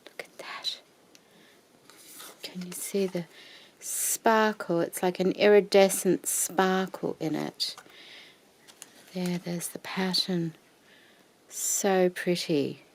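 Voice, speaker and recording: A woman with a low, gravelly voice takes her time over each word. She talks through her craft haul in a relaxed show-and-tell, fondly admiring every piece and often slipping into a hushed whisper. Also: slow pace, pauses often. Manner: gushing and admiring, often sinking to a soft whisper. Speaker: craft vlogger.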